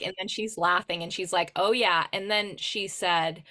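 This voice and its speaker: A woman's voice: fairly low pitch, moderate pace, few pauses. A woman from New Hampshire, a podcast co-host and medium, telling a story in casual chat and acting out the dialogue with lots of fillers. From New Hampshire, USA. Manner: animated, acts out quoted dialogue, filler-heavy.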